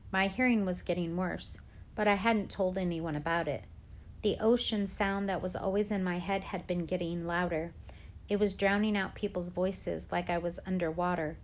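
Woman reading a novel aloud, slightly low. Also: steady tone, normal speed. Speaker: reader of a chapter book.

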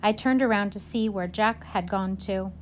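A woman narrating a first-person storybook in a gentle, measured way. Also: mid-range voice, a little hiss or hum. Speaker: audiobook narrator.

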